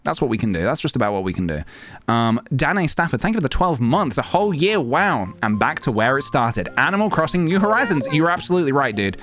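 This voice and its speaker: A man's voice: medium pitch, big pitch swings, fast, a bit bright. A man streaming a game, chatting casually and self-deprecatingly while thanking viewers. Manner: rambling, self-deprecating, thanks chat, reads game text aloud. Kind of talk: casual live-stream chat.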